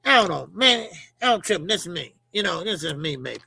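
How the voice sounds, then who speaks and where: A middle-aged man from Chicago hosts a boxing channel, riffing in loud, profane, laughing banter. His voice sits high and gravelly with a sharp, bright edge. The sound is dry and close. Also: sing-song, normal speed, no room sound. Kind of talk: casual commentary.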